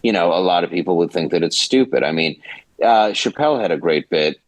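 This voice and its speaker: A man's voice: low voice, expressive, fairly quick, no echo, poor audio. A man, a comedian guest on a podcast, talking casually in a rambling, self-interrupting way and laughing through his stories.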